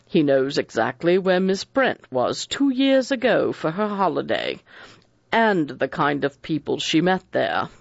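A man's voice: a little high, big pitch swings, gravelly, no echo, muffled recording, heavily acted. A man voicing a precise, cold elderly judge who chooses his words with care. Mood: calm reasoning. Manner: measured, picks words with care.

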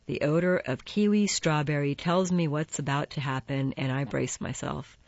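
A woman's voice: low voice, fairly even intonation, normal speed, few pauses, darkish tone, dry recording, dull audio. A woman narrating a first-person novel in a wry, matter-of-fact way. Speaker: audiobook narrator.

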